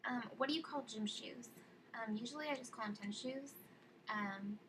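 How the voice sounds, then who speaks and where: A woman's voice: fairly high pitch, moderate pace. A young woman from California with a Californian accent, chatting casually in a vlog, full of ums and likes. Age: young adult. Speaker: vlogger. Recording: distant mic with clear room noise.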